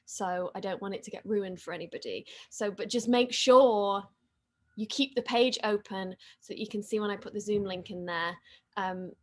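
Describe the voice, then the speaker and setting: A woman casually chatting with fans on a livestream from her home, excitable and reading comments aloud. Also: medium pitch, normal speed. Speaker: actress hosting a fan livestream. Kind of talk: casual live-stream chat reading comments. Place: living room at home.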